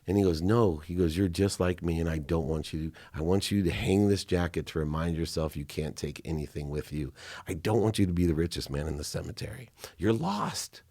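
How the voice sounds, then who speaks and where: A man's voice: low-pitched, brisk, mellow, husky, no room sound, studio quality. A middle-aged man, a podcast guest, telling candid personal stories with feeling, choking up at times.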